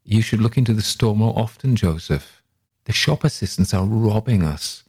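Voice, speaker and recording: A man's voice: on the low side, lively intonation, normal speed, a little mellow, breathy edge, pitched above the performer's own voice. A man reading the part of a frail, sick elderly father who complains in a weak voice. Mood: fretful.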